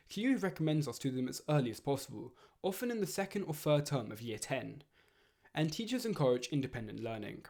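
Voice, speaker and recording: A teenage boy talks through study advice in a measured, scripted narration. His delivery is earnest and steady, with a voice of ordinary pitch for a young man. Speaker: student giving study advice.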